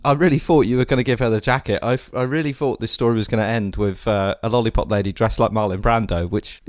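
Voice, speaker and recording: A man's voice: lowish voice, steady tone, fast, dry recording. A man co-hosting a comedy podcast, bantering in a dry, mock-serious way. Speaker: podcast co-host.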